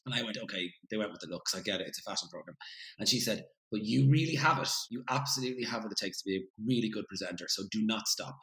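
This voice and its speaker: A middle-aged Irish man telling stories as an interview guest, animated and swearing freely as he acts out what people said. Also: lowish voice, very fast, rough recording. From Ireland. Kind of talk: casual storytelling interview.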